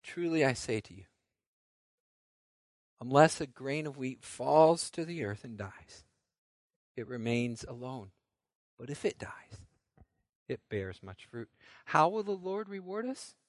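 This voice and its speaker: A male pastor preaching a recorded sermon alone in a room, moving between quiet scripture reading and loud call-and-response revival exhortation. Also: medium pitch, very animated, unhurried, long pauses, no room sound. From Midland, Michigan area church. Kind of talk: recorded sermon to home viewers. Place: room alone without congregation.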